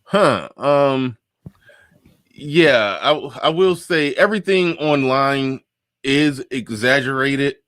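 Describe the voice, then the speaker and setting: A man hosts a casual livestream, circling his points with stops, restarts and fillers. His voice sits at an everyday pitch for a man. The sound is dry and close, with no room echo. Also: slow, fairly bright tone. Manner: rambling, many restarts and fillers. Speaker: host. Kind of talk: casual livestream talk show.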